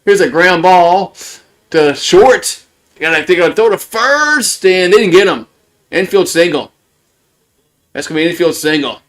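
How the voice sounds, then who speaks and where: A man doing casual live play-by-play, rambling between pitches, repeating words and chuckling often. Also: lively intonation, a little slow, long pauses, fairly bright tone.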